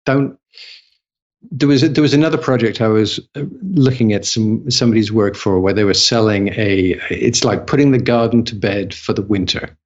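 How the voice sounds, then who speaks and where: A man's voice: lowish voice, normal speed. A man giving an interview as a copywriting guest, chatty and casual, often restarting and repeating words mid-sentence. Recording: slightly dull lo-fi audio.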